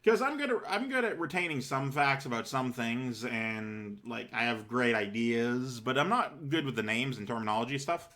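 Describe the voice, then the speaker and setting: A man's voice: medium pitch, moderate pace, few pauses, bright, forceful tone. A man hosting a game playthrough, reading text aloud with rambling, self-deprecating asides, a bit out of breath. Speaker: let's play host. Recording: game music playing behind.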